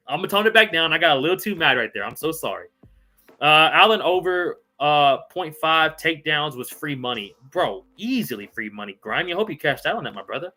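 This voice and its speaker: Bright-voiced man ranting on a live stream. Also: a little high, animated, a little fast, faint music behind. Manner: profane ranting, then repeated apologies; calls viewers bro, brother, homie. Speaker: host of a live fight recap stream. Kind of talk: live stream chat reading viewer comments.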